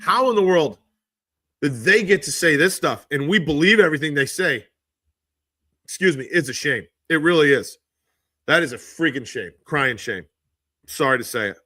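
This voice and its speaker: Male live-stream host, phone in hand, exasperated ranter, slightly high, crisp bright voice. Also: animated, moderate pace, long pauses, dry recording, studio quality. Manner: exasperated ranting, rises sharply in pitch when indignant. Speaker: livestream host. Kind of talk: casual live-stream commentary. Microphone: handheld phone.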